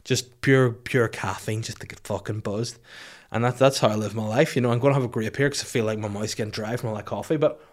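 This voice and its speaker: A man's voice: fairly low pitch, fairly even intonation, fast. Man in his thirties, solo podcast host, self-mocking and sweary storyteller. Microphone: studio microphone.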